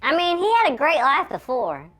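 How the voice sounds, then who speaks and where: A man playing a tiny shrunken host, his voice sped up to a squeaky chipmunk pitch, panicky and goofy in a kids' church skit. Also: huge pitch swings, sharp tone, heavily acted. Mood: curious. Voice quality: squeaky cartoon-elf voice. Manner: panicky, goofy, quick to exclaim.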